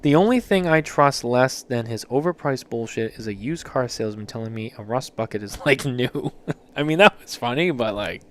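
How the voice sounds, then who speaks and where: A man at a middle pitch hosts a casual chat, reading listener submissions aloud. He reacts in a loose, joking way and swears freely. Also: expressive, moderate pace. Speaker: podcast host.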